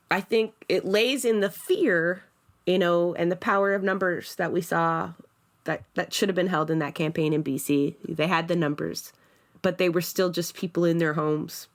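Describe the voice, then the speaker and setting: Low-voiced woman hosting a podcast. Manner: direct, rhetorical questions. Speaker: podcast host. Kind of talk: casual political discussion.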